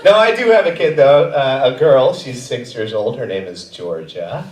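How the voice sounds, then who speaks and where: A man in his thirties doing a stand-up set, self-mocking and often dropping into quiet asides. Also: medium pitch, expressive, normal speed, noisy background. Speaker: stand-up comedian. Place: comedy theater stage. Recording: echoey theater, far from mic.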